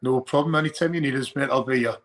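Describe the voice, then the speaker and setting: A young man speaks as a bare-knuckle fighter in a casual interview. His voice sits at an ordinary pitch, and he rambles, repeating words as he starts his sentences. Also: fast talker.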